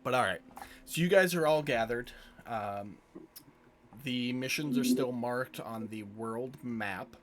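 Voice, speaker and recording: A man narrating and running a tabletop game as game master, describing scenes in a relaxed way with pauses. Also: medium pitch, slight background noise.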